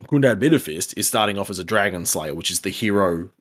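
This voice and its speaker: Rambling man, lowish voice. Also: animated, quick pace, fairly bright tone. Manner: rambling, swearing, restarts often. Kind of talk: casual podcast chat.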